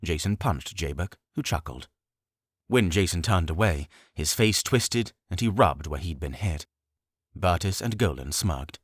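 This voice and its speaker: A man reading a fantasy audiobook as narrator, with steady, expressive storytelling. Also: low-pitched, measured pace, no room sound, studio quality.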